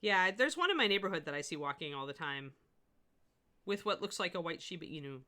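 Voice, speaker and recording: A middle-aged woman runs a live painting lesson, talking in a rambling, easygoing way. Her voice sits a little low but sounds bright and forceful. She laughs often as she answers her viewers. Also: big pitch swings, brisk. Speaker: miniature painting instructor. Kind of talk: live-streamed painting demo with chat.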